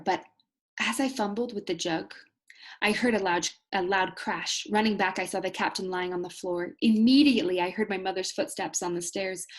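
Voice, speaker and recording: A woman teacher reading a story aloud to students, pausing to explain hard words. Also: medium pitch.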